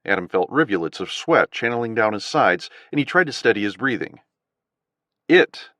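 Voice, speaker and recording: A low-pitched man reads a gritty thriller audiobook with an animated, rising-and-falling delivery. The recording is dry and close, with no room sound. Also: fairly quick, no echo. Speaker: audiobook narrator. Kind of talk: scripted narration.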